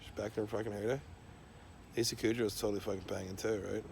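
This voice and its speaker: Guy rambling and cussing nonstop, lots of like and you know, low gravelly voice. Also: flat delivery, fast talker, a little mellow, a little hiss or hum. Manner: rambling, heavy swearing, many fillers and restarts. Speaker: rambling monologue speaker. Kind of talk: casual rambling monologue.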